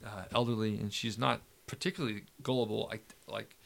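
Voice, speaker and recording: Male podcast host, gravelly, lively storyteller, casual chat. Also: on the low side, a little fast. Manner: animated storyteller who acts out quotes.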